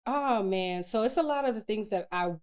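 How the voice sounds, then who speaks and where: A woman's voice: medium pitch, moderate pace, clear, resonant tone. A woman spoken word poet, a guest on an interview show, talking candidly and colloquially about her work. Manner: candid, colloquial, expressive storyteller. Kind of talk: casual interview chat.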